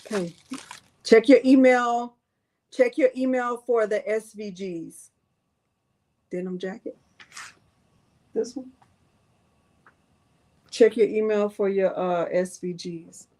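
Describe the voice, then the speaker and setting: A woman's voice: medium pitch, fairly even intonation, takes it slowly, long pauses, dark tone, slight background noise. A middle-aged woman hosting a live crafting stream, talking straight to her viewers, emotional and close to tears. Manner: emotional, teary, talks straight to viewers with "y'all". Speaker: craft channel host.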